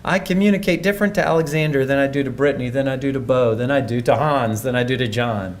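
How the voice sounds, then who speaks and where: A man of medium pitch speaks quickly in a conference presentation, with a faint hiss or hum on the recording. His tone is conversational and thoughtful, and he frequently starts his sentences over.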